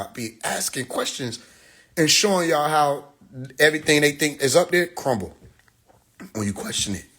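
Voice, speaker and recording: A young man, talking casually on a phone livestream and animatedly acting out the people in his stories. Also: fairly high pitch. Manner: animated storytelling, acts out quoted people, laughs. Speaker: live stream host.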